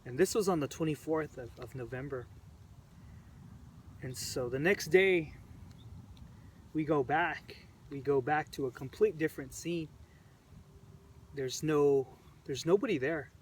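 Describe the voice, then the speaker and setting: A man tells his own story in an earnest, halting way, circling back over phrases as he goes. His voice sits a little high for a man and is picked up from a distance, with faint noise underneath. He sounds moved and close to choking up. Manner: earnest, halting, repeats phrases while recounting. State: emotional, choked up. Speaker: protester recounting events. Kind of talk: personal storytelling to camera.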